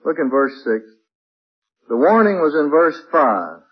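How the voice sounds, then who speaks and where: A man's voice: a little high, sing-song, measured pace, slightly rough, muffled recording. A man preaching a sermon in an emphatic way, repeating and building his phrases.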